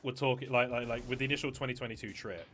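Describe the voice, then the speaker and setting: A man's voice: medium pitch, fairly even intonation, racing, fairly bright tone, slight background noise. A man hosting a casual gaming stream, rambling with many fillers and restarts and swearing freely. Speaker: streamer host.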